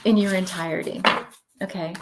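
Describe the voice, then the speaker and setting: A woman's voice: on the low side, steady tone, normal speed, heavy background noise. Effusive woman giving a live tarot reading. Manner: effusive, emotional, affirming. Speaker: spiritual tarot reader.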